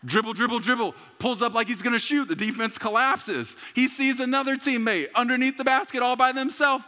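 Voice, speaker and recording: A man in his thirties preaching a sermon as a pastor, telling a story with humor and bursts of shouting. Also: very high-pitched, lively intonation, a little fast, few pauses, in a large hall.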